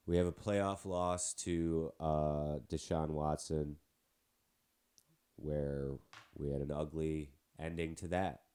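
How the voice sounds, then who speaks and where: A man's voice: a bass voice, warm tone, clean tone. A man with a nasal, stuffed-up voice from a cold, hosting a casual sports podcast in a chatty, rambling way. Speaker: podcast host.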